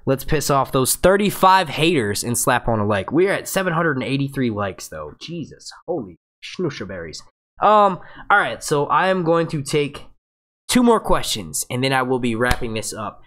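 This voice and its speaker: An excitable man hosts a live breakdown stream in a loose, casual way. He swears freely and keeps jumping into jokey impressions, talking into a webcam mic in front of a green screen. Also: medium pitch. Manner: excitable, profane and jokey, does quick impressions. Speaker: livestream host.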